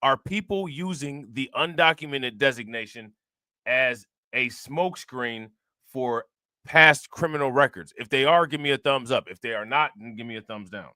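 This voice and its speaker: A man's voice: mid-range voice, normal speed, sharp tone, no room sound, studio quality. A man hosting a reaction channel, talking casually and firing rhetorical questions at his viewers. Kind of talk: casual commentary.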